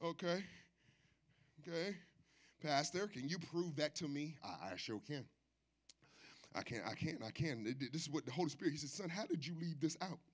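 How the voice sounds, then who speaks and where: A male pastor preaching a sermon at a church service, swinging between shouted, sing-song passages and low, quiet asides. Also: animated, moderate pace, long pauses.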